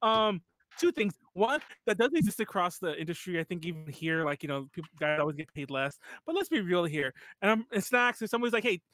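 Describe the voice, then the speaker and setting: A man co-hosting a live podcast stream in casual, animated chat, laughing and swearing as he talks. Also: sits high, fairly quick, no echo. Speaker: podcast co-host.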